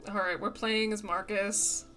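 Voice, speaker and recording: A woman's voice: mid-range voice, level tone, measured pace, fairly bright tone, faint music behind. A woman casually commenting as she plays a video game, chatty and prone to giggling, joking with her chat. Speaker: game streamer. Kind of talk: casual let's-play commentary.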